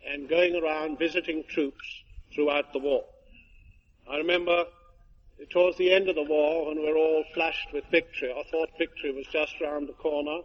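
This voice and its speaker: An older retired air force officer giving a tribute speech, telling anecdotes with genial, dry humour to an audience. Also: male voice, a little high. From England. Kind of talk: after-dinner speech with anecdotes. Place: hall with an audience. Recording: muffled archive recording with faint hiss.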